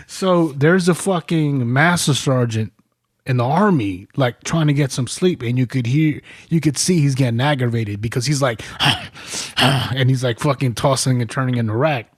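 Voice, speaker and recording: Brief: veteran man spinning rowdy stories, crude and animated, mid-pitched, dry studio mic. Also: moderate pace, dry recording. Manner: profane, animated, laughing between lines. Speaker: military veteran telling stories. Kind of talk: casual podcast storytelling.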